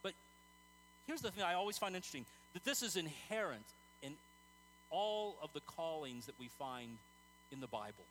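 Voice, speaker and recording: Earnest man preaching a sermon, slightly high voice. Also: sing-song, moderate pace, long pauses, a bit bright, slight background noise, rough recording. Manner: conversational, earnest, tells stories, many fillers and restarts.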